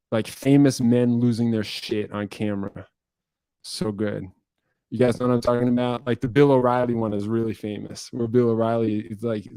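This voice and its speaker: A young man from New Jersey chats through viewer questions in a loose, rambling way. He swears freely and pokes fun at himself. His voice is mid-pitched, and it sounds dry and close with no room echo. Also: darkish tone. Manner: rambling, profane, self-deprecating. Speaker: musician answering viewer questions. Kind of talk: casual livestream Q&A.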